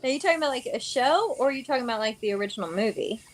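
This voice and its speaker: Chatty woman hosting with a high voice. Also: lively intonation, very fast, slight background noise, poor audio. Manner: chatty, laughs easily. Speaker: host. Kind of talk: casual chat.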